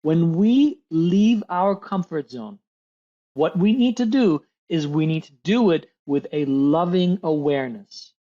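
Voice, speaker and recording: Male coach guest, expressive and animated, slightly muffled lo-fi recording. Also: on the high side, measured pace. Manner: animated, acts out voices of others in examples. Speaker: high-performance coach, podcast guest. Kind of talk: coaching conversation.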